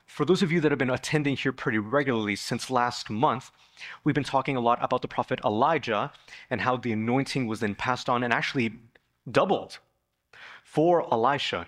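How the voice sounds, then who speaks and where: A man preaching a sermon in a church, retelling a Bible story in a lively way and raising his voice to act out the people in it. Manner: animated storytelling, acting out the figures with sudden raised pitch. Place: church sanctuary.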